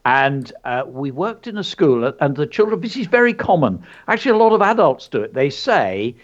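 Lively man teaching kids. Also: on the high side, moderate pace, few pauses. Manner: enthusiastic, teacherly, carefully stresses words. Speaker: children's show co-host and teacher. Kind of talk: educational chat for children. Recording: dull lo-fi sound.

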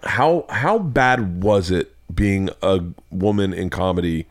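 A man's voice: deep voice, slow. A middle-aged man hosting a podcast, telling rambling stories in casual chat and swearing freely. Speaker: podcast host.

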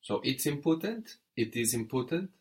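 A man's voice: mid-range voice, sing-song, normal speed. A man teaching French in an audio lesson, patient and methodical, prompting the learner and spelling words letter by letter.

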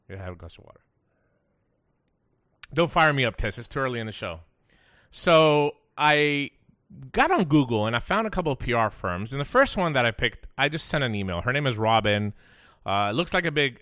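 A man hosting a radio show, telling stories in a fired-up, profane, animated way. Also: medium pitch, no room sound, studio quality. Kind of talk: casual ranting talk.

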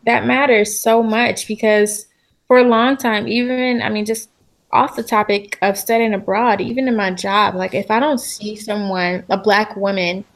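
A woman's voice: mid-range voice, steady tone, normal speed. A young adult woman from the United States, chatting expressively as the interviewee in a casual interview.

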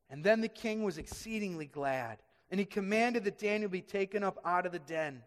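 A man preaching a sermon in an animated way, dropping to quiet and rising to shouts. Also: high-pitched, moderate pace, hardly any pauses. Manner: animated, swings from hushed to shouting. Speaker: pastor. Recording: echoey hall reverb.

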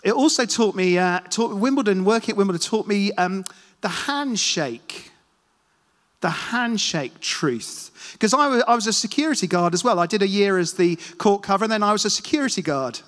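A man's voice: high-pitched, animated, normal speed, fairly bright tone. A man preaching a casual sermon, telling self-deprecating stories and asking the congregation questions. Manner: chatty, self-deprecating storyteller, talks to the congregation. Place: church hall. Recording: long hall reverb.

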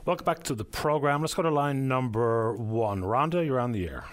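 Man hosting a call-in show, short polite lines, mid-pitched voice. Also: expressive, normal speed. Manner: brief, polite wrap-ups. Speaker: radio call-in host.

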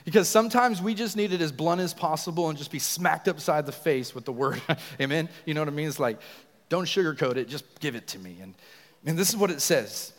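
A young man preaches with fiery passion, his voice lifting almost to a shout as he pushes his point. His tone sits a little higher than most men's, and the church hall gives every phrase a long, ringing tail. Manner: passionate, often raises voice to near shouting. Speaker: youth pastor leading worship. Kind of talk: sermon. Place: church sanctuary.

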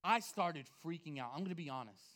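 A man, a pastor, telling a personal story in a sermon, swinging between hushed asides and loud, animated outbursts. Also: fairly high pitch, quick pace. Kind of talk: sermon testimony.

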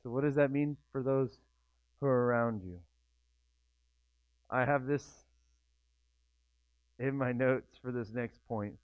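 A man's voice: mid-range voice, slow pace, long pauses, clean tone, dry recording. Preaching man, tinny phone-like sound. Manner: conversational preaching, acts out inner voices. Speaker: pastor. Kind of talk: sermon.

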